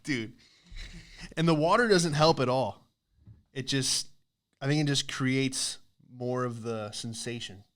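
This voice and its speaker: A young man riffs through a comic monologue on his own show, rambling and poking fun at himself. His voice is bright and crisp. He slips into quick impressions of the people in his stories. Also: medium pitch. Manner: rambling, self-deprecating, acts out quoted voices. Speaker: podcast host. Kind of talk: comedic storytelling monologue.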